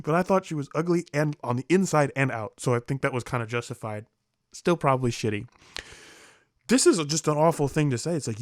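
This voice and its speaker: Recorded with a clean studio sound and no room echo, this young man speaks at a medium pitch. As a commentary vlogger, he reacts to clips in a loose, profane, rambling way, frequently laughing and putting on mocking voices.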